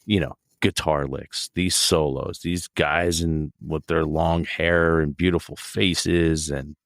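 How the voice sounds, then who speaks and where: A man's voice: very deep voice, dry recording, studio quality. A man in his forties chatting in a casual interview, talking in an emphatic, opinionated way that runs into a rant.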